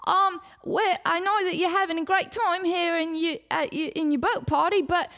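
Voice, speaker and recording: Woman doing a squeaky meek intern. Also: fairly even intonation, normal speed, fairly bright tone. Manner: meek, apologetic, squeaky politeness. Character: timid, fussy young male intern.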